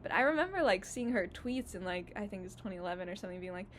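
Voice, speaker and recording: A woman's voice: mid-range voice, lively intonation, very fast, a little hiss or hum. A woman in her twenties recapping casually for her vlog, gushing and emotional, full of fillers. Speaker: YouTuber.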